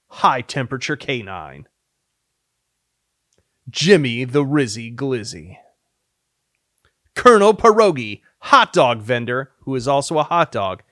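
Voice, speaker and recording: A man with a medium-pitched, somewhat bright voice works through a long list of silly names for his game devlog. He reads playfully with theatrical flair, swinging his delivery and occasionally going mock-dramatic. The sound is clean studio audio with no echo.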